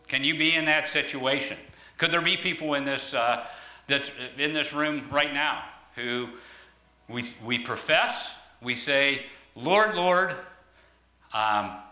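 A man's voice: on the high side, sharp tone. A man giving a conversational sermon, searching for words with frequent ums and restarts. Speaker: lay preacher. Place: church hall. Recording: echoey room.

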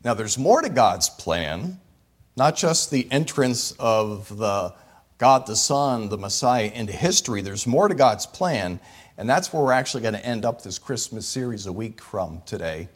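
A man's voice: medium pitch, animated, normal speed, breathy edge. A man preaching a sermon as pastor. He teaches step by step and rises to emphatic peaks.

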